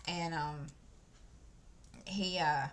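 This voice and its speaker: A woman in her 50s hosts a crafting channel, chatting casually while stitching and rambling through fillers and restarts. Her deep voice stays steady with drawn-out words, captured by a desk microphone.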